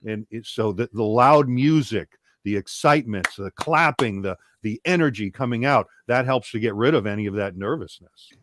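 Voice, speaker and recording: Measured male guest speaker, dry sound. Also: on the low side, fairly bright tone, no echo. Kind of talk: interview chat.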